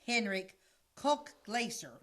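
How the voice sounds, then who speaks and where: Bright-voiced chatty woman co-host. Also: on the high side, lively intonation, slow. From United States. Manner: chatty, rambling, stumbling over names. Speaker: podcast co-host. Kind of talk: casual chat.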